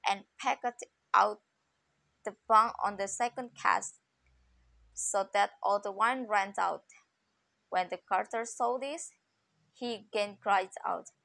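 A woman's voice: medium pitch, creaky, bright, forceful tone, no room sound, rough recording. A woman reading a fairy tale aloud carefully, often restarting phrases. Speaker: reader.

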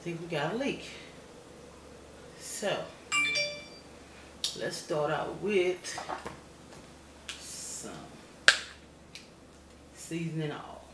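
Her voice is deep and very slow, with long pauses. She's an older woman, a grandmother home cook demonstrating a recipe in her kitchen for a vlog, folksy and chatty, saying y'all and baby and repeatedly checking "okay?", recorded in an echoey room with loud background noise.

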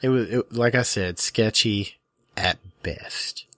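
A man's voice: fairly low pitch, slow pace, fairly bright tone, dry recording. A young man co-hosting a podcast, telling stories casually with a dry, wry humor. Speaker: podcast co-host. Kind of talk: casual chat.

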